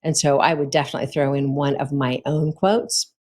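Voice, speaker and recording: A woman with a notably low-pitched voice talks through practical tips in a relaxed, conversational way. She sounds like a friendly host, chatty and informal, often dropping little fillers and soft laughs as she goes. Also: fairly quick. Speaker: host giving advice to authors. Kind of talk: casual instructional talk.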